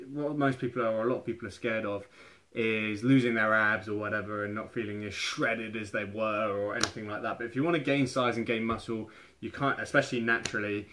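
A man's voice: mid-range voice, a bit bright. A young man giving casual fitness advice to camera in a chatty, rambling way, often restarting his phrases. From England. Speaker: fitness vlogger.

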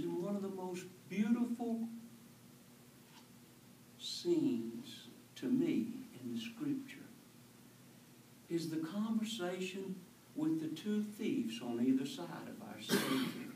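A man's voice: on the high side, animated, slow, darkish tone, slight background noise. A male pastor preaching an earnest, conversational sermon, asking his congregation questions. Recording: echoey church from far off.

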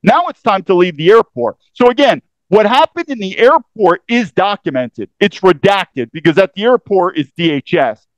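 A military veteran man recounts his experience with urgent, emphatic delivery, often cutting himself off and starting again. His voice sits high for a man. The recording is dry and slightly dull, close with no room sound. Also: big pitch swings, moderate pace, hardly any pauses, no echo. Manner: intense, emphatic, self-interrupting. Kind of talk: first-person storytelling.

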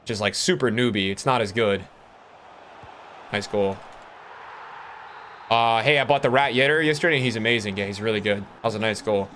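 A low-ish voice at a moderate pace, pausing often, belongs to a young man streaming a football video game, with a little hiss or hum in the background. He's an excitable gaming streamer who swears a lot and chats casually with his viewers.

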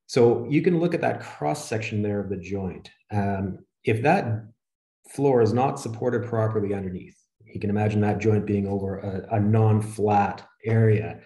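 A man with a fairly low, mellow voice presents slides in a steady, conversational manner. His voice carries a noticeable echo from the room. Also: moderate pace. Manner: steady explanatory delivery, conversational. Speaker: webinar presenter on flooring.

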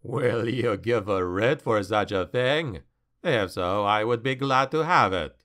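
A man voicing a cunning male dark elf noble in a fantasy audiobook, calm, even and persuasive. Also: fairly low pitch, unhurried, pitched below the performer's own voice.

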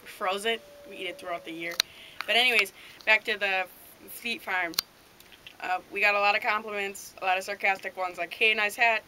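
A woman playing a dim, cheerful male deer hunter in an improvised comedy sketch, telling a rambling story in a deadpan way over a noisy home video recording. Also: mid-range voice, moderate pace, lightly acted.

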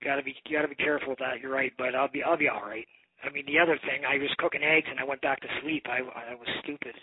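A man's voice: mid-range voice, steady tone, fast talker, breathy edge, no echo. A man telling a long rambling story in a casual phone conversation, swearing now and then. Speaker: bow maker. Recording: tinny phone line.

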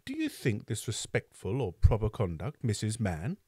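A man's voice: lowish voice, huge pitch swings, moderate pace, dark tone, husky, no room sound, studio quality, full character voice. A man voicing a pompous, self-important parish beadle who speaks in a stern, oratorical way.

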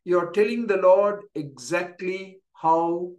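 A male pastor giving a daily devotional sermon, speaking deliberately and repeating key phrases for emphasis. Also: high voice. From Canada.

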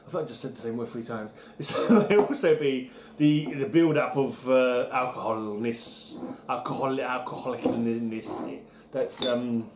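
A man's voice: mid-range voice, measured pace. A man co-hosting a casual beer-tasting podcast, rambling and jokey with plenty of swearing. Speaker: podcast co-host. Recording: echoey room with faint noise.

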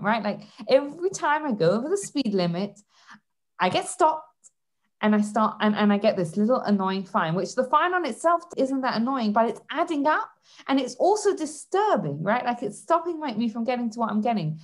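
A woman hosting a parenting podcast, explaining ideas through lively stories with frequent restarts. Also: a little high. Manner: animated storytelling with frequent restarts. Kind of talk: instructive podcast monologue.

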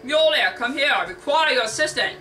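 Loud, clumsy, scaredy-cat thunder god, woman reading; music bed behind. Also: high voice, expressive, fairly quick. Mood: blustering. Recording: distant mic with music behind.

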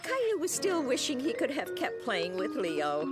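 A woman narrating a children's cartoon in an expressive, clear storytelling voice. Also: high-pitched, moderate pace. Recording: music beneath the narration.

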